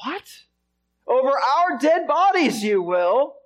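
A preacher doing a protesting disciple. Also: male voice, very high voice, very animated, slow pace, fairly bright tone, heavily acted. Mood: incredulous. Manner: incredulous, protesting. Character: exasperated male disciple objecting to his teacher.

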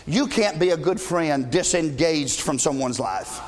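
High-voiced preacher in an echoing church. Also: male voice, expressive, a little slow. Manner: blunt, joking asides to the congregation; shouting, preaching passionately at times. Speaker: pastor. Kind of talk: sermon. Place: church sanctuary. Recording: long reverb of a large church hall.

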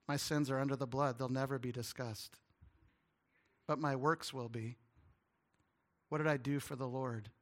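A man preaching a sermon as pastor, telling stories and acting out little dialogues, moving between hushed and loud delivery. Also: medium pitch. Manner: storytelling preacher, dropping to hushed tones and rising to loud ones; acts out little dialogues with the congregation.

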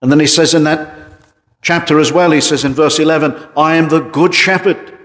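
A man preaching an evening sermon as pastor, emphatic, with drops into a quiet voice. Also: on the high side, fairly even intonation, normal speed. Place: church. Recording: church hall reverb.

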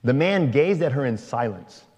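Guy reading scripture slow and careful, mid-pitched voice, long hall echo. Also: expressive, a little mellow. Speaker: scripture reader.

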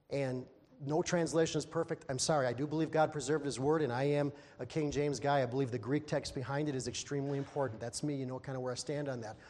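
A man preaching a sermon, lively and self-deprecating, who laughs at himself and bursts into loud exasperated asides. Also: in a large hall. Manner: animated, acting out exasperated quotes with sudden loud high outbursts; laughs at himself while talking. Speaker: pastor.

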